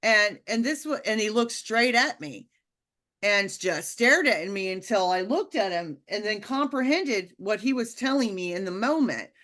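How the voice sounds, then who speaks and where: A woman telling a personal story in a casual, animated way, with lots of fillers and restarts. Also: mid-range voice, normal speed. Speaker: speaker sharing a personal testimony.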